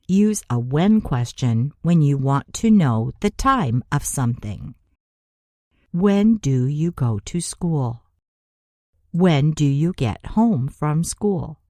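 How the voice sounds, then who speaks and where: A woman narrating a scripted grammar lesson as an English teacher, speaking deliberately and spelling out letters for learners. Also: deep voice, expressive, warm tone, no echo.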